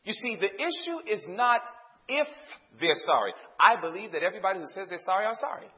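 A man preaches a sermon to a congregation in a high voice that swoops widely up and down. He puts questions to the room and waits for the answers. His lines move from loud emphasis to near-hushed tones, and the recording sounds dull and lo-fi. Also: very animated, a little fast. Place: church service before a congregation.

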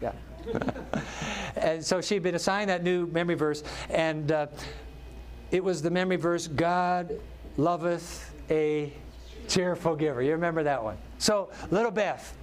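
Male pastor, sermon delivery, lively and story-driven, fairly high voice. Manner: animated storytelling with sudden drops to soft, slow words.

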